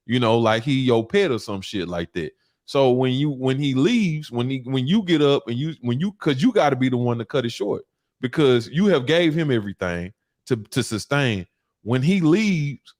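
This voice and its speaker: A man interviewing a guest in a casual chat, probing with drawn-out, restarted questions. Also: medium pitch.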